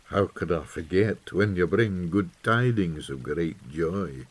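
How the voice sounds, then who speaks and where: Guy reading as a homely old shepherd, earnest, folksy dialect, slow and low. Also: breathy edge, exaggerated voice. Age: older. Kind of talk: audiobook character voice.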